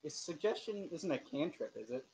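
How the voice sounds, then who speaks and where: A man running a tabletop game online, describing scenes in a relaxed, rambling way with lots of fillers. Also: a little high, normal speed, low-quality recording. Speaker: game master. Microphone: voice chat over internet.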